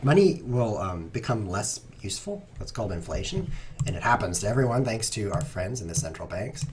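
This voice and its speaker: A man's voice: on the low side, big pitch swings, a little fast, noisy background. A man hosting a chess livestream, talking casually and rambling with playful sarcasm at his computer. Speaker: chess streamer host. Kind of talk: casual livestream commentary while playing.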